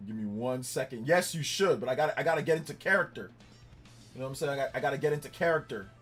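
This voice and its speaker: A man's voice: mid-range voice, animated, fast talker, a bit bright, faint music behind. A man hosting a casual gaming livestream, rambling in repeated phrases and defiant at times. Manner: repetitive, heated, defiant rambling. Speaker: livestream host.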